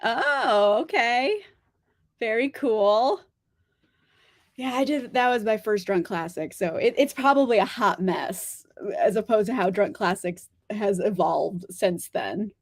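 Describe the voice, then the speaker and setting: A woman's voice: medium pitch, animated, slow pace, dry recording, clean studio sound. A young woman chatting casually on a live stream about books, laughing often and speaking bluntly. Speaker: book streamer answering chat.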